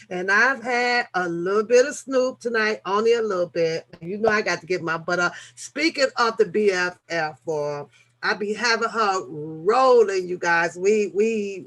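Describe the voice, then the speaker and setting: A woman, hosting a late-night casual chat and telling stories in a profane, animated way with laughter. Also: fairly high pitch. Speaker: reaction channel host.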